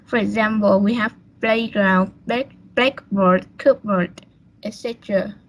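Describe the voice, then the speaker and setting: A woman's voice: medium pitch, steady tone, a little slow, rough recording. A young woman, presenting a class lesson on a video call, hesitant with fillers and restarts. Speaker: student presenter.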